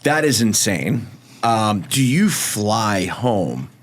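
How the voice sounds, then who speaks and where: A male podcast host with a lowish voice asking brief follow-up questions. He speaks very slowly, with short reactions. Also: big pitch swings. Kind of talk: interview questions.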